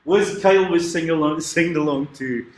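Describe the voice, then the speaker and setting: A folk singer hosting his own livestream from home during lockdown chats ramblingly between songs, chuckling often. His voice is fairly high, fairly quick and darkish, with a little hiss or hum, roomy echo and guitar playing.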